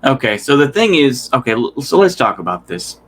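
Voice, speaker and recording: Male host, casual reaction commentary; rambling and exasperated, mid pitch. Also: big pitch swings, brisk, a bit bright, slight background noise. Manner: rambling, restarts, swears, exasperated.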